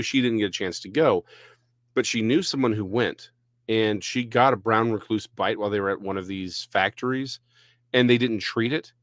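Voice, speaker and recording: Low-voiced chatty man from Texas. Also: no room sound, clean studio sound. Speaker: podcast co-host. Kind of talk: casual chat.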